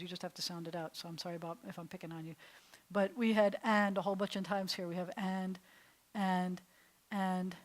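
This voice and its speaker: A woman rabbi teaching a Hebrew class in a synagogue classroom, enthusiastic, slowly sounding out breathy words. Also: medium pitch. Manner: enthusiastic, drawn-out breathy pronunciations.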